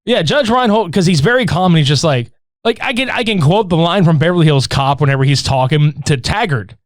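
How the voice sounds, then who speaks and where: Lively-voiced male podcast host. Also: fairly high pitch, fairly quick, no echo, clean studio sound. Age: older adult. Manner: profane, animated storytelling. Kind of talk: casual chat.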